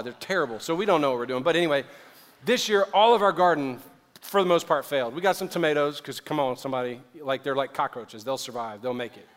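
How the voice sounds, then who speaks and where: A man from the American South preaching a sermon, swinging from loud, urgent emphasis to hushed asides. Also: on the high side. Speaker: pastor. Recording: long reverb of a large hall.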